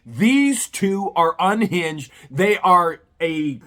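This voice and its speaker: A man's voice: high-pitched, lively intonation, very slow, a bit bright. A man hosting his own citizen journalism vlog, indignant and full of rhetorical questions. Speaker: vlogger and citizen journalist host. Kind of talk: outraged commentary to camera.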